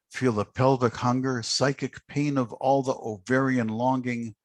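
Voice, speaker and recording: A man hosting a poetry prize ceremony on a video call, joking gently and reading a poem aloud. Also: lowish voice, breathy edge, no room sound. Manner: unhurried, gently joking, with frequent uh fillers. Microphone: video call microphone.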